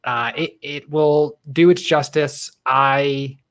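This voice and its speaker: A co-host of a movie review show, chatting in a relaxed, conversational way. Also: mid-range voice, slow pace, clean tone. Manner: relaxed, conversational, laughs easily. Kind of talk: casual movie review chat.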